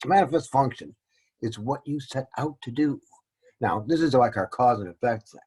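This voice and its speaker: A man's voice: medium pitch, lively intonation, a little slow, a little mellow, breathy edge, rough recording. A man teaching a casual lesson, rambling and joking at his own expense. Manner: rambling, joking and self-deprecating. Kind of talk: casual classroom-style lecture.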